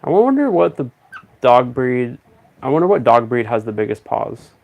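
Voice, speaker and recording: A man chatting casually on a stream, rambling and thinking out loud in a relaxed way. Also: medium pitch, normal speed, vocal fry, muffled recording. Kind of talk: casual chat.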